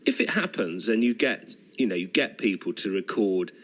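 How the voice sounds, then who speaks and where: Male radio presenter, animated voice that rises and falls widely, conversational interviewer in a studio. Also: on the low side, normal speed. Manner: probing, conversational questions.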